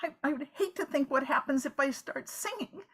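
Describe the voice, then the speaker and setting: A brisk, fairly bright, high-sitting female voice belongs to an improv performer in a live scene. Her character is a chatty friend who fusses, gets unnerved by silence, and frets by repeating her words.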